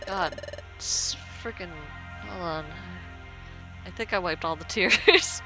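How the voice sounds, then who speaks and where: A woman's voice: fairly low pitch, slow. A woman streamer playing a game live and reading its dialogue aloud with feeling. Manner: emotional, reads game lines with feeling. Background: game music.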